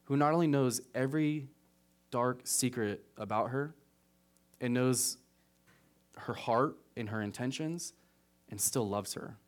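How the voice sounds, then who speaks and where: A man preaching a casual, conversational sermon as pastor, often checking in with "right?", getting animated on asides and dropping quiet on serious points. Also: a little slow, long pauses. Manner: conversational, keeps asking "right?"; rises animated at asides, drops low on solemn points.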